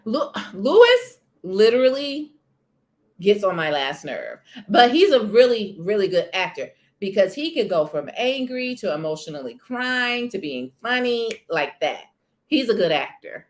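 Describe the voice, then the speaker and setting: A woman's voice: mid-range voice, big pitch swings, unhurried. A woman hosting a casual live-stream chat. She is chatty and emphatic, and often repeats herself. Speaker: channel host.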